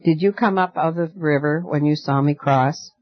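A man voicing a frightened young man who fears the dark, pleading earnestly, in a dull, dry lo-fi recording. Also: a little high, normal speed, no echo, natural voice. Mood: apologetic.

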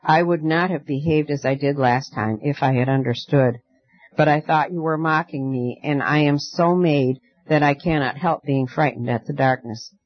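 A man voicing a frightened young man who fears the dark, pleading earnestly, in a dull, dry lo-fi recording. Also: fairly high pitch, normal speed, no echo, natural voice. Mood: apologetic.

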